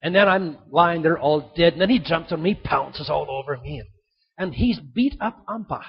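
Older male pastor, high husky voice, lively sermon delivery, muffled lo-fi recording. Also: normal speed. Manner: animated, dramatic storytelling with sudden loud and soft swings. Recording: dull lo-fi sound.

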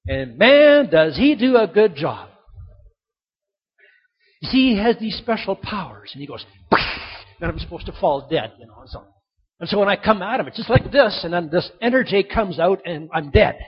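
An older man preaching a sermon, telling stories dramatically with sudden swings between loud and soft. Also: high-pitched, big pitch swings, moderate pace, husky. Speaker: pastor. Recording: dull lo-fi sound.

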